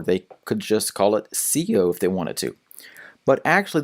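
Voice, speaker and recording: Man explaining web coding lessons. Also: medium pitch. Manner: plain explanatory, with small restarts. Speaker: web development instructor. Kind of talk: recorded lecture narration.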